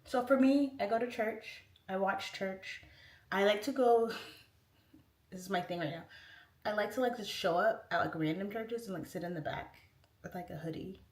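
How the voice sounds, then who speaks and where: A chatty livestream host, a woman with a mid-range voice, rambles through viewer comments at normal speed, peppering her talk with "like." She was recorded from far away in an echoey room.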